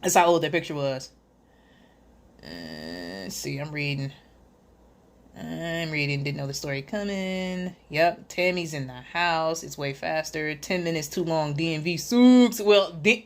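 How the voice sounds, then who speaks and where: A woman with a somewhat low voice hosts a relaxed livestream chat. She reads viewers' comments aloud and greets them one by one. Her talk is joking and sarcastic, broken up by easy laughter. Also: unhurried. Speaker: livestream host.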